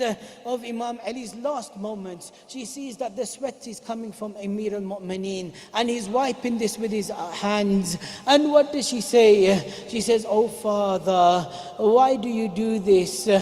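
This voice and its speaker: A man with a very high voice delivers a grieving sermon, his narration swelling into shouted cries of lament. His voice rings through a mosque hall with a long reverb tail. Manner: tearful, rising to shouted laments. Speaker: preacher.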